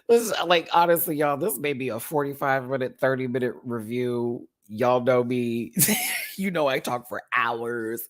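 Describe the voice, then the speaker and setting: A man's voice: medium pitch, expressive, a little slow. A man giving a casual ranting review from his home desk, exasperated and chatty, laughing often. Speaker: YouTube reviewer. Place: home desk with ring light.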